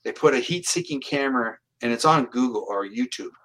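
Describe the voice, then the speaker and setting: A man from Canada tells his stories as an interview guest, earnest and plain-spoken. His voice is bright and forceful, at an ordinary pitch. He often doubles back and restarts his phrases. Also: expressive, brisk, poor audio. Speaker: psychic medium guest. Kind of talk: storytelling in an interview.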